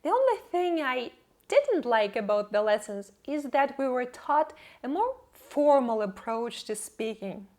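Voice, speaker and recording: A young woman, not a native English speaker, telling her language-learning story in an earnest, measured vlog narration. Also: sits high, sing-song, a little mellow. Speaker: English-learning channel host. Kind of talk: scripted personal vlog narration.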